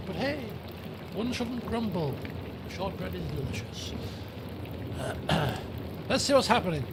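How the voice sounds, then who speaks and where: A British man hosts a let's play, casually commenting on a video game in a chatty, rambling way and reading its dialogue aloud with some drama. His voice is high-pitched, with game music and a noisy background.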